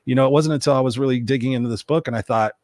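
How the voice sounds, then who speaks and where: A man speaking as a guest coach in relaxed interview chat. He talks quickly and bluntly, pushing tough love and ownership. The sound is dry and close. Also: medium pitch, dry recording.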